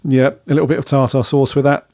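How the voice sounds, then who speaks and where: A man's voice: mid-range voice, little pitch movement, quick pace, mellow, dry recording. A man co-hosting a podcast, leading a casual review chat with dry, jokey asides. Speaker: podcast co-host.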